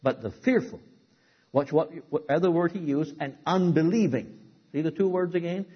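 A man preaching a sermon, who swings from loud, dramatic outbursts to low, hushed asides. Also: normal speed, breathy edge, muffled recording.

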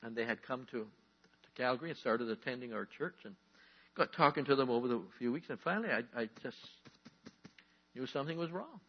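A man preaching a sermon as a pastor, emphatic, drawing out key words and rising into animated bursts. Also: medium pitch, fairly quick, breathy edge. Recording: dull lo-fi recording.

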